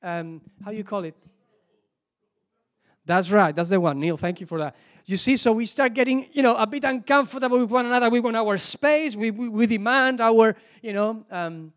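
With a high voice and a Spanish accent, a man from Spain preaches in English as a second language, regularly repeating himself and searching aloud for the proper English word.

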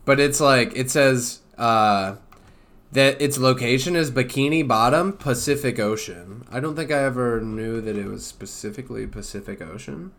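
A man talking casually on a podcast, retelling a cartoon episode with a laid-back, dry sense of humor. He drops in side comments and reads out details he has looked up. His voice sits at an ordinary pitch. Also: normal speed. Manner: relaxed, adds dry asides and looks up details. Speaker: podcast co-host.

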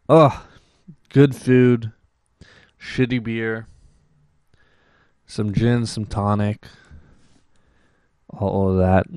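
A man's voice: mid-range voice, smooth, dry recording, clean studio sound. A young Canadian man hosting a podcast, rambling through a casual story with many restarts and acted-out quotes. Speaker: podcast host.

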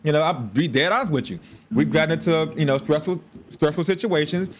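A man's voice: on the high side, fairly quick, background noise. A man hosting a show, telling candid stories in casual chat and laughing often. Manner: animated, candid storytelling with frequent laughs. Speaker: podcast host.

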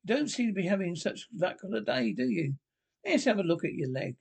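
Bossy excitable water rat guy, a man reading it, kinda high and gravelly. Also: fairly quick, exaggerated voice. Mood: kindly. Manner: impatient, scolding, energetic.

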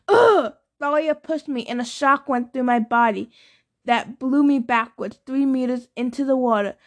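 A woman reads a novel aloud in a somewhat high voice, narrating in first person. She raises her voice and pitch for the shouted dialogue. The reading is steady storytelling. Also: moderate pace. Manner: acts out dialogue with louder, higher shouts. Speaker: audiobook reader.

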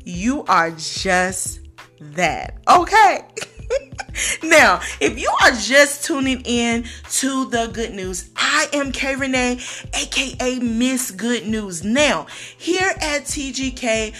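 A woman hosts a podcast in a high, bright voice and an unhurried delivery. Her talk is animated and teasing, and she laughs at her own corny jokes. Faint music sits behind her. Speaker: podcast host.

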